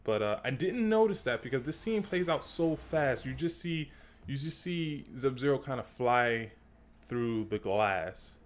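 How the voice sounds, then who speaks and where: A man breaks down a movie trailer in casual, slangy commentary, expressive and a little slow. He repeats himself and restarts phrases, and his pitch climbs higher as he gets worked up.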